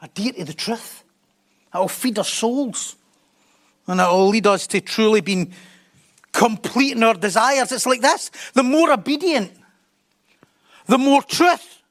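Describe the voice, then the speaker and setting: A man's voice: high voice, measured pace, pauses often, fairly bright tone. A man preaching a sermon in a conversational way, often laughing and joking at his own expense.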